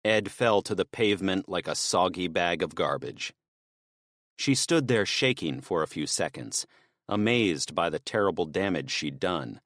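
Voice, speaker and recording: A man narrating an audiobook in a steady, measured way. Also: low-pitched, no room sound, clean studio sound. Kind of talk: scripted narration.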